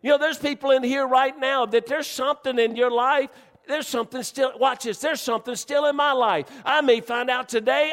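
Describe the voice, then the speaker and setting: A man's voice: very high voice, fairly even intonation, moderate pace, fairly bright tone, in a large hall. A man preaching a sermon, telling folksy stories and joking with his congregation. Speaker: pastor.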